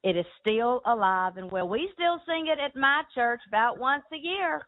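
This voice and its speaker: A woman's voice: a little high, animated, moderate pace. A woman hosting a radio morning show, affirming her guest with short remarks. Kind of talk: radio interview chat. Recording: tinny phone line.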